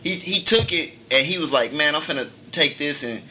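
A man's voice: on the high side, a little fast, sharp tone. A man co-hosting a casual talk show, telling a long story in a laid-back, profane way and laughing often. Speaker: podcast co-host.

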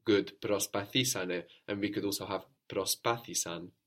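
A man leads a spoken language lesson in a fairly low voice. He works patiently, asks for a translation, then repeats the answer and confirms it. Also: steady tone, normal speed. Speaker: language teacher.

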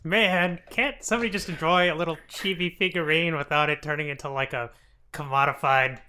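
Brief: young male podcast co-host, bright, edgy tone, quick to laugh and react in disbelief. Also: fairly high pitch. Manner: animated and incredulous, with lots of giggling reactions. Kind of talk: casual chat.

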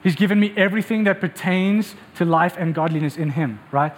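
High-voiced preacher man, animated. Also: fairly quick, a little hiss or hum. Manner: animated storytelling with acted quotes. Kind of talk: sermon.

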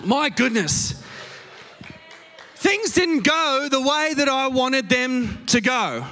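A man with an Australian accent preaching a sermon, telling a story in an animated, self-mocking way on a stage microphone in a church auditorium. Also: very high-pitched, slow pace, slight background noise. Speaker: pastor. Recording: long hall reverb.

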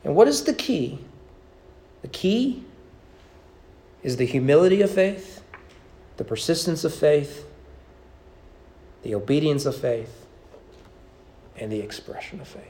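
Animated preacher, swooping between loud and hushed. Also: male voice, measured pace, pauses often. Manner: builds to emphatic peaks, drops to soft low endings; repeats phrases for emphasis. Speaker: pastor. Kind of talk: sermon. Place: church sanctuary.

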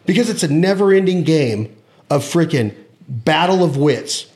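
A man's voice: on the high side, animated, moderate pace, darkish tone. A man hosting a casual hunting podcast, talking emphatically and swearing freely while ribbing his guests. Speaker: podcast host.

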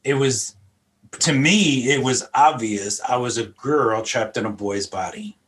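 A man's voice: mid-range voice, unhurried, fairly bright tone. A middle-aged man from Philadelphia giving an earnest personal testimony in an interview, reflective and repeating words as he gathers his thoughts. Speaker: interview guest sharing testimony.

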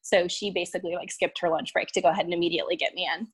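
A young woman guest recounting a painful personal experience in casual, halting talk, full of "um" and "like" and restarts. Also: fairly low pitch, flat delivery, slightly rough. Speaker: podcast guest; violin teacher.

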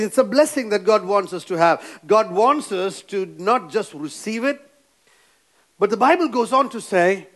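A male preacher with a high voice that swings widely up and down. He preaches with emphasis, repeats his phrases, and keeps urging the congregation to say amen. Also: a bit bright. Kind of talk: sermon.

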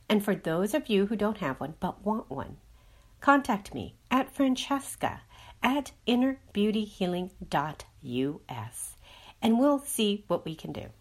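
A woman working as a healing guide, leading a guided meditation and an astrology talk in a soothing, instructive way. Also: mid-range voice.

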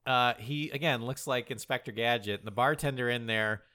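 A man casually recapping a movie with a co-host, animated and laughing, acting out lines. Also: medium pitch, fairly quick. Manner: animated, laughing, acts out quotes. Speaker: podcast co-host.

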